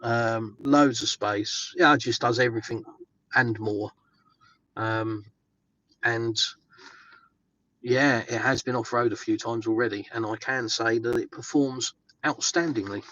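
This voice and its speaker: A man from England, a vlogger live-streaming from inside his car as he drives, chats casually and upbeat with viewers and answers their questions with plenty of ums. His mid-range voice is steady, a little slow and fairly bright. The lo-fi recording carries a little hiss or hum.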